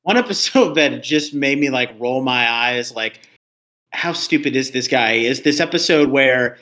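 Bright-voiced man ranting on a podcast. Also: medium pitch, animated, a little slow. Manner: ranting, exasperated. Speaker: podcast co-host. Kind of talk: casual review chat.

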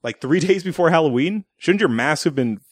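A man's voice: fairly high pitch, expressive, fairly quick, husky, no echo. A man co-hosting a podcast, recapping a movie in casual chat, swearing, laughing and briefly acting out characters. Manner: profane, laughing, acts out characters in silly voices. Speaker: podcast co-host.

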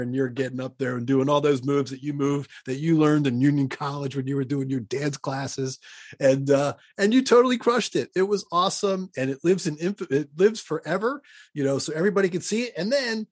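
A man's voice: medium pitch, fairly quick, no echo, studio quality. A man hosting a podcast interview, chatting casually and enthusiastically with his guest. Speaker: podcast host.

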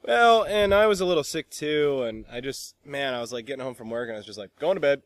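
A man's voice: medium pitch, lively intonation, brisk, no room sound. A young man co-hosting a casual podcast, trading crude, teasing jokes. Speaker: podcast co-host. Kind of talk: casual chat, teasing banter.

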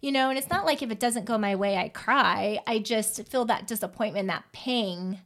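A woman in her forties co-hosting a casual chat, telling a story in an animated, emotional way. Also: medium pitch, normal speed. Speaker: podcast co-host.

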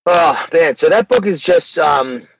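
A man speaking as a podcast guest in casual, earnest conversation, animated and loose with slang. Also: on the high side, unhurried, creaky, no room sound, highs cut off.

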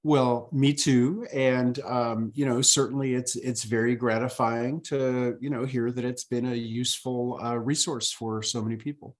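Measured male podcast guest. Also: medium pitch, fairly even intonation. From Manhattan, New York. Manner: measured, many ums and you-knows. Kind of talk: casual interview chat.

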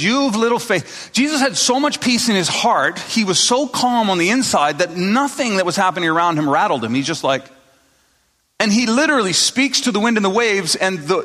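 A pastor with a high, bright, forceful voice preaches to his congregation in a church hall, telling stories in a casual, conversational way and acting out the people he quotes. The long reverb of the large hall carries his words to the live audience.

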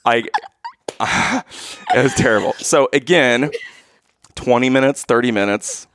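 A man telling a funny family story in casual chat, acting out his own past lines with loud outbursts. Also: medium pitch, expressive, measured pace.

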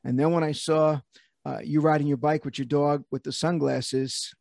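A man with a gravelly, slightly high voice hosts an interview. He talks haltingly with many fillers and frequent laughter. The sound is dry and close. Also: flat delivery, a little mellow, dry recording. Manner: hesitant, full of fillers and laughter. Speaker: podcast host, PE teacher. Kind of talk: conversational interview.

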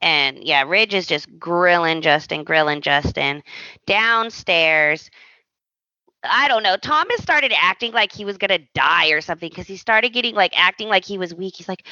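A woman co-hosting a podcast, recapping soap opera episodes in casual chat and acting out the characters in quick voices. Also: on the low side, animated, pushed and bright, dry recording, dull audio. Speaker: podcast co-host.

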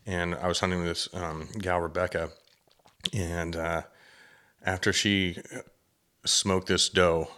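This male podcast guest speaks slowly in a deep voice, leaving long pauses. A hunter and drinkware entrepreneur, he chats casually and grows animated as he tells a hunting story.

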